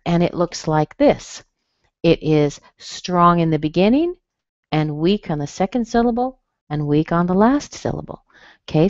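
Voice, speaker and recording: A woman running an online pronunciation class, taking her time and saying each word twice. Her voice sits a little low and close, with no room around it. The sound is a bit dull, like webinar audio. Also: darkish tone, dry recording. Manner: slow, careful, repeats words for practice. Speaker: pronunciation teacher. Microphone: computer mic on a webinar.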